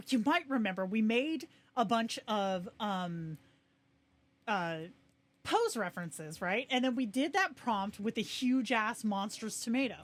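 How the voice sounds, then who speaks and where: A young adult woman hosting a livestream in a slightly high voice, gushing and excitable as she chats to her viewers. She talks casually, with quick asides and bursts of enthusiasm. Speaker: livestream host.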